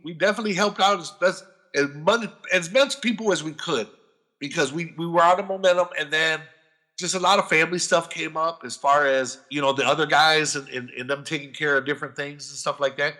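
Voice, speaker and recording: A podcast guest with a voice on the high side tells a story briskly, in a casual and animated way. He swears freely and acts out other people's voices.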